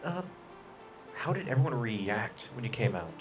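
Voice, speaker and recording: A man's voice: mid-range voice, very animated, normal speed, lo-fi sound. Hesitant man asking questions over music. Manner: hesitant, filler-heavy questions. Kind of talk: casual chat. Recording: music behind, voice from further off.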